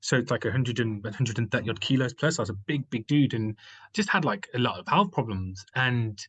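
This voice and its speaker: A man's voice: medium pitch, lively intonation, a little fast, fairly bright tone, husky, low-quality recording. A man from the United Kingdom, a company founder who is a guest, telling his story in casual conversation, rambling with many fillers and restarts.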